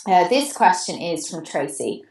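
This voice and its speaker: A woman's voice: fairly low pitch, sing-song, a little slow, darkish tone, echoey room, poor audio. A Welsh woman co-hosting a podcast, chatting casually and reading out a listener's question, with a digressive manner. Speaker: podcast co-host.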